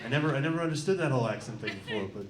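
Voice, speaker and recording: A man around twenty doing a stand-up comedy set, awkward and self-deprecating, halting with lots of "uh"s. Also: mid-range voice, animated, heavy background noise. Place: comedy club stage before a laughing crowd. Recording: echoey club with loud crowd laughter.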